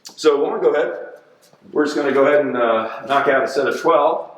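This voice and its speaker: A personal trainer coaches an exercise demo in a gym, upbeat and chatty, counting reps aloud. His slightly high voice comes at a moderate pace from a distant, off-mic position in an echoey gym.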